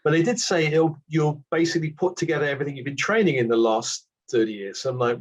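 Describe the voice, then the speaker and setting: A British man in his sixties, a reflective guest telling his story with gentle self-deprecating asides. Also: on the high side, fast talker, hardly any pauses. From Britain. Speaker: award recipient guest. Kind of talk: reflective casual conversation. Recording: dull muffled lo-fi audio.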